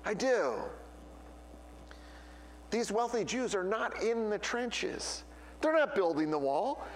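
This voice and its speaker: A man's voice: high voice, big pitch swings, measured pace, long reverb tail, a little hiss or hum. A man preaching a sermon as a pastor, telling stories and acting out the voices he quotes. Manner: storytelling preacher who acts out quoted voices.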